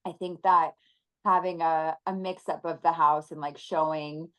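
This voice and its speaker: A woman in her thirties speaks as a podcast guest, and her voice sits a little low. She talks in an earnest, reflective way, with the odd soft laugh. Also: fairly even intonation, unhurried, rough recording. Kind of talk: conversational interview.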